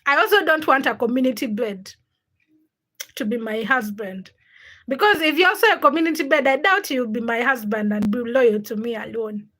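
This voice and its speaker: Bright high-voiced woman livestreamer. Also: normal speed. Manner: chatty, laughs often, reads out viewer names. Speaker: livestream host. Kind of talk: casual livestream chat, greeting viewers and telling stories.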